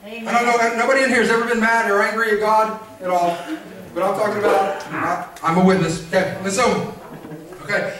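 A man with a high voice and a level tone preaches a sermon in a church sanctuary, speaking briskly, repeating phrases and calling for responses from the congregation. Crowd noise is audible, and the recording sounds echoey, captured from a distance in the church.

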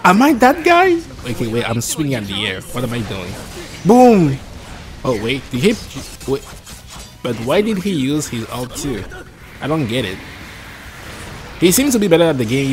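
Excitable man narrating his own gameplay. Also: mid-range voice, moderate pace, music in the background. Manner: excitable, jumpy, talks to himself while playing. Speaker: gameplay streamer. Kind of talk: live gameplay commentary.

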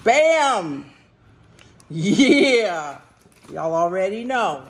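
A woman vlogging in a casual, playful way, her voice swinging freely up and down as she chats and coos to her dogs. She talks at an unhurried pace with a faint hiss of noise behind her. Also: mid-range voice, very animated. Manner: playful, sing-song, chatting to her dogs. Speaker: vlog host. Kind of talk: casual unboxing vlog.

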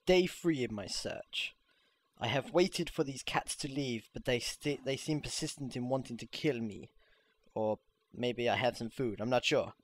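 A gamer giving casual, excitable gameplay commentary, swearing freely and squealing when things go well. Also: medium pitch, no room sound. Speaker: let's play gamer.

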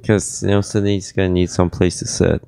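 Deep gravelly man losing his voice. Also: little pitch movement, a little fast, dark tone, no room sound. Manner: rambling, self-deprecating, reads ad plugs casually. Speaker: podcast host. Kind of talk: casual podcast chat.

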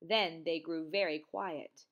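A woman teacher reading a children's storybook aloud, in an expressive, sing-song way. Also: sits low, takes it slowly.

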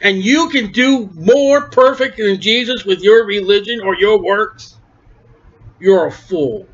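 A man preaching an impassioned sermon, dropping to low murmurs and rising to shouts. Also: slow, husky. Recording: dull lo-fi recording.

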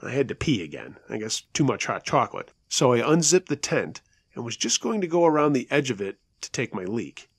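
A man's voice: mid-range voice, very animated, vocal fry, husky, no echo. Man narrating a scary story. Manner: conversational telling, slows down at tense moments. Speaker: storyteller, show host.

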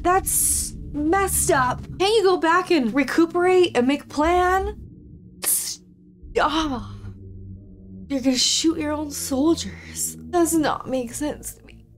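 A woman's voice: very high-pitched, a little slow. A woman reacting to a film, exclaiming and talking back at the screen. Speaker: movie reactor. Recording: noisy background.

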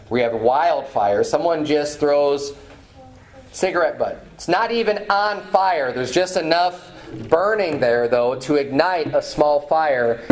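A pastor preaching a sermon in church, reading scripture aloud with some restarts and fillers. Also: male voice, a little high. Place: church sanctuary.

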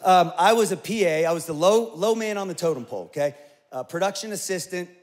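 A man's voice: high voice, a little fast. A man in his forties, a pastor telling a story in a sermon, acting out the voices of the people in it. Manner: animated storyteller, acts out voices.

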